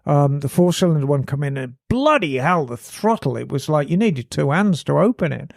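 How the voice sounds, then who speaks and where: A British woman co-hosting a podcast, chatting casually and reading listener letters aloud in a playful, animated way. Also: low voice, moderate pace, gravelly, dry recording, studio quality. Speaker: podcast co-host.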